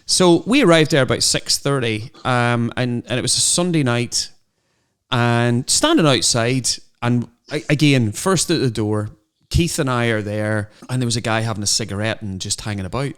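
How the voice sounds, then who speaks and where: A middle-aged man co-hosting a podcast, telling animated anecdotes in casual chat. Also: mid-range voice, moderate pace, clear, resonant tone. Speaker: podcast co-host.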